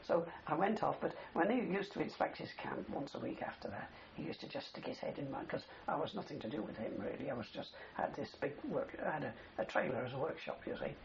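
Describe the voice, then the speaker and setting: This oral history interview features an aging veteran recounting wartime events at length, drifting from point to point and ending lines with "you see." He speaks a little fast with few pauses, in a gravelly voice on the high side. The old recording sounds dull and carries a faint hiss.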